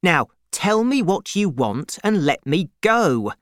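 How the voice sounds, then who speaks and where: Brief: woman voicing a cold, curt man, low voice, slow, dry close sound, storybook. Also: sing-song, dry recording. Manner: curt, hushed and impatient.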